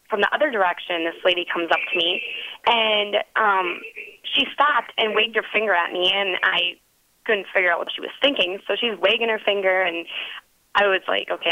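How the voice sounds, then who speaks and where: A woman's voice: mid-range voice, dry recording. A woman with a Wisconsin accent calling into a radio show, telling an indignant, long-winded story over the phone. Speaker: radio caller. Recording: muffled phone line.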